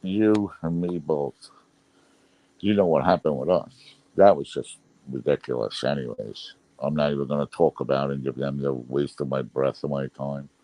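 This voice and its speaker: A man with an extremely low, deep voice talks casually to his live chat, rambling with lots of fillers and an annoyed edge. The sound is dry and close, with no room around it. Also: steady tone, normal speed, no room sound, dull audio. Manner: rambling, frustrated, many fillers. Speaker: livestream host. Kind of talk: casual live chat reading viewer comments.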